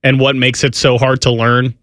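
A man's voice: medium pitch, little pitch movement, normal speed, a bit bright, no room sound, studio quality. A man in a casual chat, blunt and opinionated.

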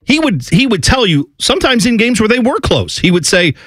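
Animated man hosting sports talk. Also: sits high, brisk, no echo. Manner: animated, does exaggerated impressions. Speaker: sports radio host.

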